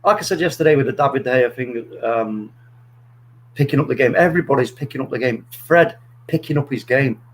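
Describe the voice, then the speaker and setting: A man hosting a casual football chat, telling stories in a rambling, animated way with many restarts. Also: mid-range voice, brisk, a little hiss or hum, rough recording. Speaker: podcast host.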